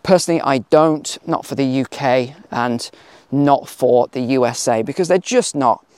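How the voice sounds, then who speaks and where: A man's voice: medium pitch, moderate pace, darkish tone, clean tone, no room sound. A man hosting a casual finance talk outdoors on a hill, chatty with emphatic asides. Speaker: finance channel host.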